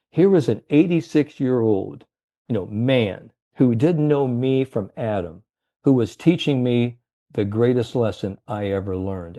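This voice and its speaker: A man's voice: medium pitch, dark tone. A man telling a motivational story as a guest coach, earnest and rallying, with many fillers. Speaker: confidence and mindset coach, guest.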